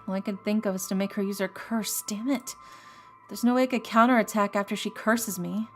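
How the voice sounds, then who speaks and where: A woman's voice: medium pitch, steady tone, a little fast, soft background music, lightly acted. A woman voicing the young male lead of a mystery game, giving him a cowboy-style drawl. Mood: tense.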